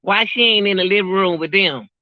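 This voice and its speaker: A man's voice: high voice, fairly quick, dry recording, phone-quality sound. A man giving emotional, repetitive livestream commentary, talking straight to his viewers.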